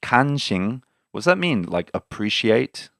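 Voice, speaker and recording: A man's voice: mid-range voice, big pitch swings, unhurried, creaky, fairly bright tone, dry recording, studio quality. A man hosting a language lesson podcast in an upbeat, jokey way, often stumbling over his words. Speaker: podcast host. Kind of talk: casual language lesson chat.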